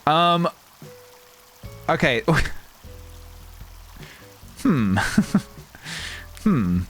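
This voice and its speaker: A man's voice: medium pitch, big pitch swings, unhurried, pauses often, fairly bright tone, faint music behind. A man chatting casually with viewers while streaming a game, meandering, laughing often and humming little tunes to himself. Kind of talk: casual gameplay livestream chat.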